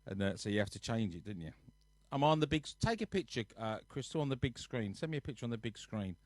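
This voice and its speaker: A man's voice: mid-range voice, lively intonation, fast, a little mellow, no room sound. A man chatting casually to his live-stream audience from his sofa at home, rambling and reading viewer comments aloud. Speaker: live-stream host and musician.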